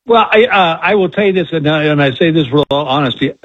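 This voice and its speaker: A man's voice: a little high, lively intonation, fast talker, no echo. An older male comedian telling candid, self-deprecating stories as a guest, with a dull lo-fi sound. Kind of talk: storytelling interview.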